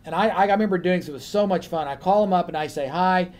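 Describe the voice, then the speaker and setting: Guy with a pretty high voice spinning a story on a panel, does little voices for people. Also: fast talker. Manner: lively storyteller, acts out others in quotes. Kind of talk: storytelling anecdote on a convention panel.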